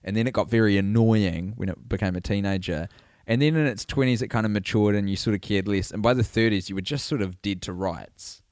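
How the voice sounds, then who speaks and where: A man's voice: lowish voice, fairly quick, hardly any pauses, darkish tone, dry recording, clean studio sound. A man co-hosting a podcast in casual chat, riffing playfully in long rambling runs. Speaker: podcast co-host.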